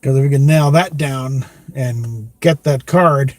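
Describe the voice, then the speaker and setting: A man's voice: mid-range voice, slow pace, a little mellow, dry recording. A man, rambling through casual podcast chat, full of fillers and chuckles. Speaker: podcast host.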